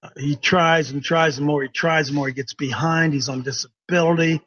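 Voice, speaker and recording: A radio talk show host tells a casual story in an earnest, preachy manner, repeating himself for emphasis. His voice sits on the high side, steady and a bit bright, at a moderate pace. The recording has a dull lo-fi sound.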